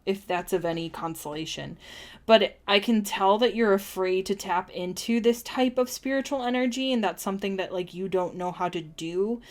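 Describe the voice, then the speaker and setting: A woman's voice: mid-range voice, normal speed. A woman giving a chatty, rambling oracle card reading on a live stream, with many ums and restarts. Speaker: tarot reader.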